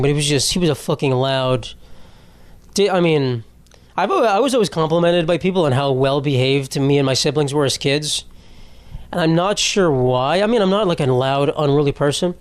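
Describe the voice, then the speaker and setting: A man hosting a comedy podcast in a somewhat high voice, rambling through profane stories and laughing at his own jokes. The sound is close and dry. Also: no room sound. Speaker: podcast host.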